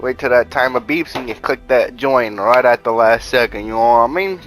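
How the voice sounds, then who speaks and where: Man, laid-back, cursing, catchphrase-heavy, gameplay walkthrough, average pitch. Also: moderate pace, a bit bright, soft background music, low-quality recording. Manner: laid-back, profane, repeats "bada bing, bada boom". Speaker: gaming channel host. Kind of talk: casual profane gameplay tutorial voice-over.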